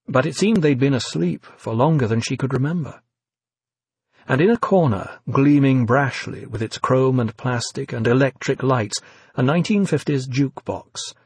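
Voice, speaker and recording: A man narrating an audiobook with measured, descriptive storytelling and a husky voice. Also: mid-range voice, darkish tone, dry recording.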